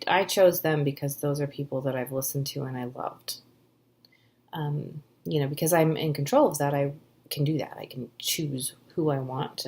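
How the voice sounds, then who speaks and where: A woman author in her thirties from the Pacific Northwest, answering questions in a chatty, enthusiastic way with many ums and breathy words that trail off. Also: deep voice, darkish tone. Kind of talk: casual Q&A answers.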